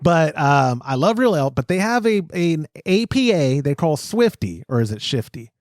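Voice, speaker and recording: Texan male host, lively and joking, dry close mic. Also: on the high side, normal speed, no echo. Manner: animated, joking, self-deprecating. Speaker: podcast host. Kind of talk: casual podcast chat.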